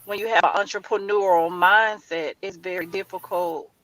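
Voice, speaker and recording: A man's voice: high voice, fairly even intonation, moderate pace, pushed and bright, poor audio. A man co-hosting a casual panel talk, earnest and agreeable. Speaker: podcast co-host.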